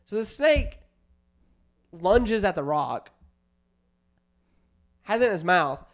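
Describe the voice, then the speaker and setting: A man's voice: high-pitched, very animated, slow. A man telling a rambling childhood story in casual podcast chat, swearing and laughing often. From United States. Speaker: podcast co-host.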